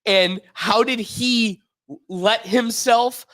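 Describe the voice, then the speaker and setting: A man's voice: very high-pitched, fairly even intonation, extremely slow, a bit bright, no room sound, clean studio sound. A man co-hosting a sports podcast in casual chat, emphatic and acting out little scenes. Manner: emphatic, acts out scenarios. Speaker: podcast co-host.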